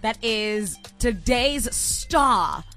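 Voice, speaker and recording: Female radio host, young, bright-pitched, playful storyteller, soft music under. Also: extremely slow. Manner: animated, teasing storyteller.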